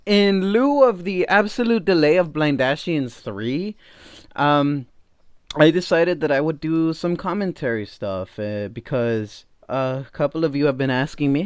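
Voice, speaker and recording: A man talks through a reaction video in casual commentary. His voice is smooth and clean, and the sound is dry and close. He is blunt and swears often. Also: on the high side, unhurried, dry recording. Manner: blunt and profane, with many fillers.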